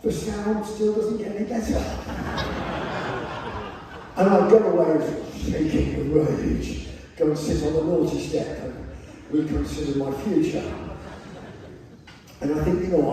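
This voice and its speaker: A man's voice: on the high side, unhurried, long pauses. A man performing wry, self-mocking comic stories on a theater stage, recorded from the front row. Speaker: spoken word performer. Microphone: camera in the front row of the audience. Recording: distant echoey theater hall, crowd noise.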